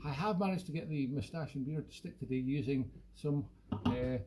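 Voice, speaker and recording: A man's voice: medium pitch, normal speed, darkish tone, slight background noise, natural voice, poor audio. A man putting on a rambling boozy whisky expert. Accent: put-on Irish-sounding lilt. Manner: rambling, self-mocking, jokey. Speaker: host. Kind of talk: comic live-stream character monologue. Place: at home, live stream.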